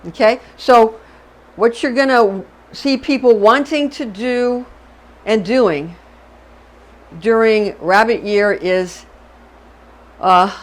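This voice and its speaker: A middle-aged woman with a fairly high voice gives an unscripted astrology lecture as a channel host. She talks in a chatty, digressive way, often repeating words and asking "okay?" to keep the listener with her. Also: slow pace, long pauses.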